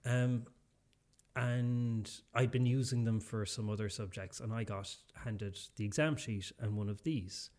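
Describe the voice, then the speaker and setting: A man's voice: medium pitch, fairly even intonation, measured pace, darkish tone. A young adult man with an Irish accent, a podcast co-host chatting casually and rambling through a story with many restarts. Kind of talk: casual chat.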